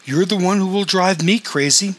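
A man voicing a shrill, scolding middle-aged mother in a story reading, snarling as she argues. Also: moderate pace, natural voice.

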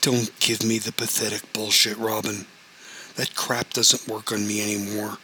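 A man reading as an enraged betrayed wife, bitter and accusing, each question snapping harder than the last, bright clear tone with a faint hiss behind it. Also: on the low side, level tone, normal speed, low-quality recording. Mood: furious. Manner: accusing, bitter, sharpening to shouts. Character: furious betrayed wife confronting her cousin.

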